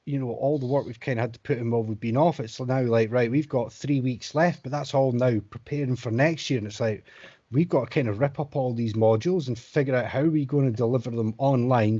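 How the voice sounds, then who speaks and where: A man's voice: medium pitch, brisk, dark tone, lo-fi sound. A man co-hosting a casual podcast chat, frank and sweary, who builds his points with rhetorical questions. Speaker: podcast co-host, college lecturer.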